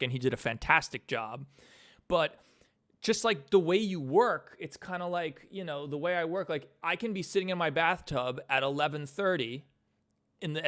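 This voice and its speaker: A man's voice: mid-range voice, fairly bright tone, clean tone. A man casually chatting on a live stream from his home computer setup, rambling and correcting himself as he talks. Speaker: animator streaming his work.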